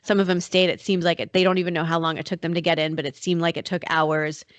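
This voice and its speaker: A woman with a slightly low voice tells a true-crime story to her co-host in a loose, conversational way, full of fillers. The sound is dry and close, with no room echo. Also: flat delivery, quick pace. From North Carolina. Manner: chatty, many fillers like "like" and "you know". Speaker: podcast host.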